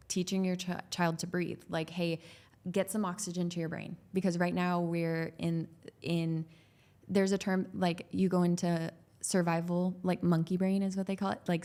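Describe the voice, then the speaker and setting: A woman with a lowish, dark voice appears as a podcast guest to talk about parenting. She's a growth coach with young children, and she speaks earnestly but loosely, restarting often and saying "like" a lot.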